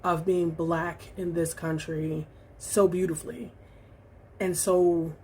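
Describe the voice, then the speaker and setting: A woman talking through her recent reading in a casual vlog, reflective and halting, with many fillers and restarts. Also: lowish voice, steady tone, warm tone, a little hiss or hum. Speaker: book vlogger. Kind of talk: casual book review vlog.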